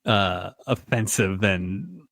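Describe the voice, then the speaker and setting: A man's voice: on the low side, slow pace, fairly bright tone, no echo, studio quality. Laughing male podcast co-host, wry. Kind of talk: casual chat.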